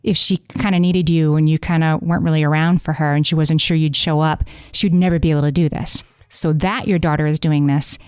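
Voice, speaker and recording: A woman's voice: deep voice, fairly even intonation, brisk, hardly any pauses, darkish tone, clear, resonant tone, no echo, studio quality. A woman in her forties hosting a podcast, giving frank, conversational parenting advice and acting out the voices of the people she quotes. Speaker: podcast host.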